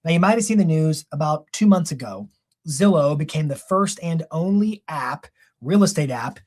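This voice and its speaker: A man giving a live real estate marketing training, energetic and conversational, often correcting himself mid-sentence. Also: a little high, moderate pace.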